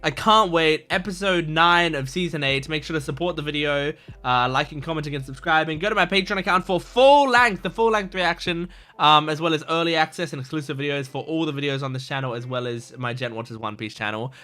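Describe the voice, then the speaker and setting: A man hosting an anime reaction video, talking casually and excitedly with lots of fillers and restarts. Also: fairly high pitch, fairly quick, few pauses. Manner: rambling, full of fillers and restarts.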